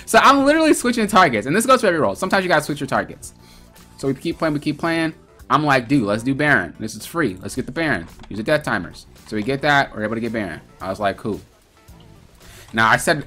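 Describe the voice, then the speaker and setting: Bright-voiced man coaching over gameplay. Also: medium pitch, sing-song, quick pace, faint music behind. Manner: loose and profane, retelling his in-game calls. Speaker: gaming coach. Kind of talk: casual gameplay commentary.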